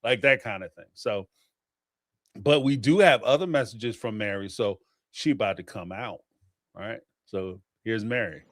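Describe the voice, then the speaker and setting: A man hosting a show where he reacts to listener voicemails, talking in slangy, animated casual commentary and laughing often. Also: fairly low pitch, moderate pace, no echo, studio quality. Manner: animated, laughing, slangy, talks back to the people he discusses.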